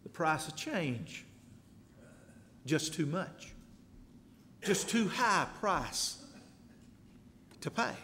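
Preacher guy, high bright voice that swings all over, long hall reverb behind him. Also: very animated, drawn-out words, long pauses, a little hiss or hum. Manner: emphatic, rising to loud exhortation. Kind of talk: sermon.

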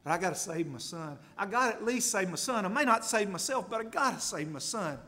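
A man's voice: sits high, expressive, fairly quick, pushed and bright, pitched above the performer's own voice, heavily acted. A man voicing a desperate father trying to save his son, urgent and strained.

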